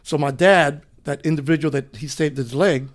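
A middle-aged man from Cuba, a retired police officer, telling his story in an interview in a relaxed, rambling way. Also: a little high, normal speed. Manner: relaxed, rambling, often says "you know". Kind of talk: conversational storytelling.

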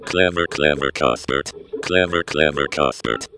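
A man doing Cuthbert, a sleepy deep-voiced creature. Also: noisy background. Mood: drowsy, smug. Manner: slow, repeats self-praise.

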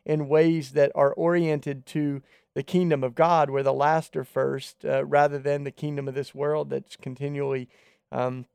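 Gravelly man co-hosting a faith podcast. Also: fairly high pitch, level tone, measured pace, a little mellow, dry recording. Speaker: podcast co-host. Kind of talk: casual faith discussion.

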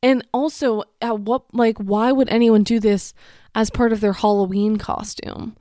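A woman's voice: a little high, fairly even intonation, unhurried, dark tone, no room sound, studio quality. A young woman chatting casually and sarcastically, reading steps aloud and reacting to them with lots of "like" and "you know.". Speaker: vlogger.

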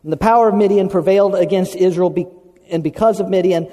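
High-voiced folksy American preacher. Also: male voice, fairly quick, warm tone, long reverb tail. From United States. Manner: folksy, conversational, repeats phrases for emphasis. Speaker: pastor. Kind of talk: sermon.

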